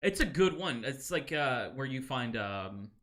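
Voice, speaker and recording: A man's voice: medium pitch, sing-song, a little slow, a bit bright. A man co-hosting a podcast in casual, rambling chat, laughing often between thoughts. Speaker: podcast co-host.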